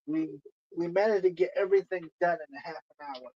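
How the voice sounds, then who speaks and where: A man's voice: on the high side, fairly quick, a little mellow, lo-fi sound. A man casually telling a long story on a stream, rambling and repeating himself with lots of "you know.".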